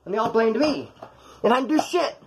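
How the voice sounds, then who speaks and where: A man's voice: very high voice, lively intonation, brisk, breathy edge, poor audio. A man telling a true story from his own life in a casual, rambling, profane way, acting out the voices of the people in it.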